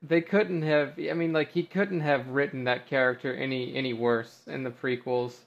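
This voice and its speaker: A man's voice: medium pitch, fairly even intonation, moderate pace. A man rambling in casual chat, leaning on "you know" and "like" as he goes. His recording sounds dull and lo-fi. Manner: rambling, filler-heavy talk.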